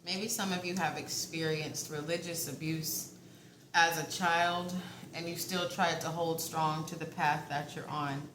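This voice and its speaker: A low-voiced woman talks straight to her viewers in a casual tarot reading, chatty and prone to giggling. Her voice carries a roomy echo with a faint hum of background noise. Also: fairly even intonation, a little slow, fairly bright tone. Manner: chatty, often checks in with viewers. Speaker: tarot card reader.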